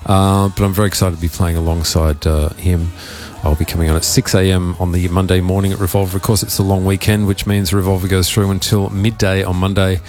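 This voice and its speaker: A man with an Australian accent hosting a live dance radio show, rambling loosely with plenty of fillers and a croaky voice. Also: deep voice, level tone, brisk, few pauses, a little mellow. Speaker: radio host and DJ. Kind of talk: casual live radio talk. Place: radio studio.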